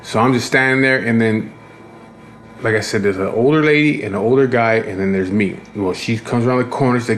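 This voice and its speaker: A man's voice: on the low side, a little fast, slight background noise. A man casually telling a rambling, profane story about his day, tired and fed up. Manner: profane, rambling, frequent restarts. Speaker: vlogger.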